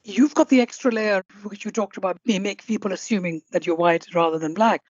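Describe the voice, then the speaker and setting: A woman hosting an interview podcast who speaks in a measured, deliberate way and sums up her guest's points. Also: medium pitch, a little mellow, dry recording, muffled recording. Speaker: podcast host.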